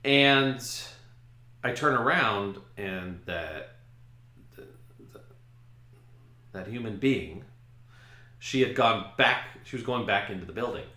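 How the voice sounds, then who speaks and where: A man with a fairly low yet lively, bright-edged voice tells a casual story as a podcast host. He pokes fun at himself as he goes. The room around him adds a noticeable echo. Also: takes it slowly, pauses often. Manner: self-mocking, animated retelling. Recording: roomy echo.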